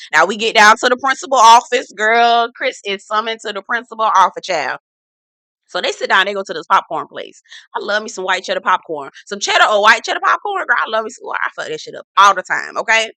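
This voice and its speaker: A woman hosting a casual TV recap, sassy, animated and full of profanity. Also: medium pitch, brisk, dry recording. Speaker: TV recap host. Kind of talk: casual chat.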